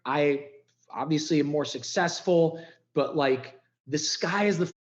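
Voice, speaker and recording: A man's voice: on the high side, measured pace, dull audio. Man in his fifties telling his story. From Ohio. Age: 50s. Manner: emotional, candid storytelling with frequent swearing. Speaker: podcast guest. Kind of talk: storytelling in a casual interview.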